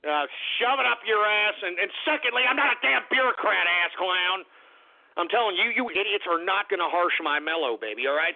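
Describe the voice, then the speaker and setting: A man from Texas hosting a call-in radio show, loud and blustering, trading insults with callers. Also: high-pitched, lively intonation, a little fast, creaky. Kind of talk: brash call-in radio banter. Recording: phone-like lo-fi radio broadcast.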